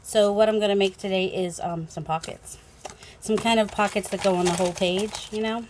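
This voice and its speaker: This crafting channel host speaks at medium pitch in a steady, fairly quick voice with a New England accent. Unboxing craft supplies at home, she chats and rambles, thinking aloud with many fillers, on a phone recording with background noise.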